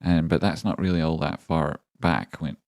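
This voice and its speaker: A man's voice: very deep voice, steady tone, normal speed, darkish tone, no echo, studio quality. A man rambling through live chart analysis, joking and talking to viewers by name. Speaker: stock market streamer. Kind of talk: live-streamed chart analysis and chat reading.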